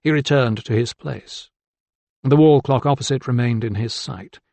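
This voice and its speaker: A man narrating an audiobook with steady, deliberate storytelling. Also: medium pitch, creaky, dry recording. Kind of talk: scripted narration.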